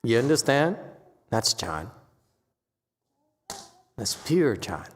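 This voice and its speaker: A man delivers a Buddhist dharma lecture slowly, his medium-pitched voice sing-song with a breathy edge. As a monk teacher he scolds bluntly and keeps repeating questions to check that listeners follow, while the temple hall adds long reverb.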